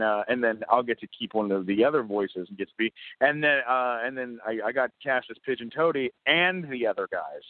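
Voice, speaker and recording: A man guesting on a casual phone interview, rambling and excitable, with lots of restarts. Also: medium pitch, dry recording. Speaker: guest voice actor and comedian. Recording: tinny phone line, dry.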